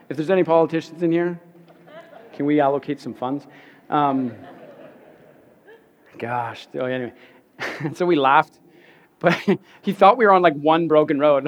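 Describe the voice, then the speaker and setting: A man's voice: fairly high pitch, fairly quick. A man pastor preaching a sermon, telling stories animatedly, repeating words and laughing at himself.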